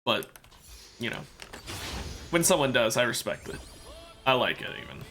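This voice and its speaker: A man's voice: medium pitch, sing-song, moderate pace, bright, forceful tone, slight background noise. A man streaming a video game, rambling and correcting himself in casual commentary while sounding sleepy and yawning.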